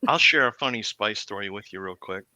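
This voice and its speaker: A man chatting casually on a podcast, telling stories with lively acted-out quotes. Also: fairly low pitch, fairly quick, dry recording. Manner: animated storyteller, acts out quotes. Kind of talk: casual chat.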